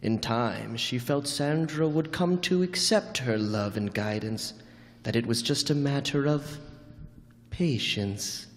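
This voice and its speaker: A man narrating a radio drama in a measured, even storytelling voice. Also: mid-range voice, long reverb tail.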